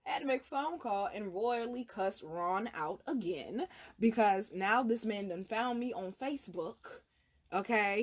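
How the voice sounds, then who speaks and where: A woman host telling a personal story in a blunt, animated, profane way. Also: mid-range voice. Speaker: tarot reader and channel host. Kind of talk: casual storytelling.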